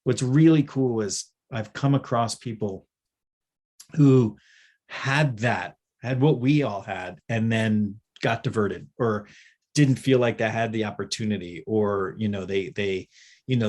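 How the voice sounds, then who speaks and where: A man's voice: on the low side, unhurried. A man, a guest makeup effects artist, telling stories in a casual interview, rambling with many fillers and restarts. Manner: lively when retelling anecdotes.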